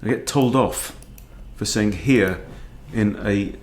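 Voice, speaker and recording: A man, a chess coach thinking aloud in a relaxed, understated way as he plays a fast game. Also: fairly low pitch, a little hiss or hum. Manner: muttering, understated, self-talking. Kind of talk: thinking aloud while playing blitz chess.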